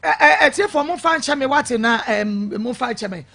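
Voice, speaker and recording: A woman's voice: sits high, animated, moderate pace, vocal fry, a bit bright, dry recording. A woman hosting a radio talk show, firing incredulous follow-up questions at her caller. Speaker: radio host.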